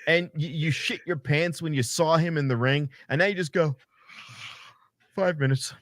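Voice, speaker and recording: A fairly high-voiced man riffs on wrestling in a loose, profane co-host chat. He talks animatedly and breaks into mocking voices, recorded close and dry with no room sound. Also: steady tone, normal speed, fairly bright tone, no room sound. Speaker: podcast co-host. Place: home setup, streaming remotely.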